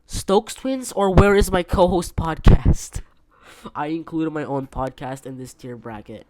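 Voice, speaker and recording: A man's voice: a little high, unhurried, darkish tone, no echo, clean studio sound. A man hosting a casual solo podcast from his bedroom, rambling with many fillers and restarts. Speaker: podcast host.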